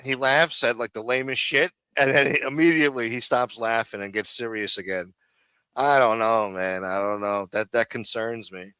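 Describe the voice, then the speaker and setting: A man's voice: mid-range voice, fairly even intonation, normal speed, pushed and bright, clear, resonant tone, dry recording. A man hosting a live stream, commenting casually on a clip in a rambling, profane, exasperated way.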